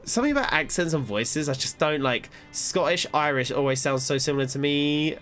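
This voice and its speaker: A man's voice: on the high side, lively intonation, a little fast, fairly bright tone, faint music behind. A man streaming a game, talking casually with a rambling, self-deprecating manner and frequent laughs. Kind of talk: casual gaming commentary.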